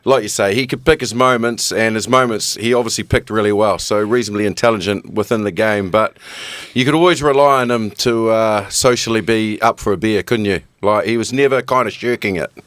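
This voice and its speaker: A man's voice: on the low side, fairly quick, few pauses, fairly bright tone, no room sound. A man co-hosting a podcast, asking questions in an easygoing casual chat. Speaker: podcast co-host.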